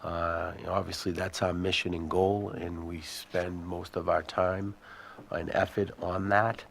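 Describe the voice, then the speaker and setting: A man serving as school superintendent, answering committee questions in a measured, explanatory way and thinking aloud as he goes. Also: sits low, flat delivery, creaky, slight background noise.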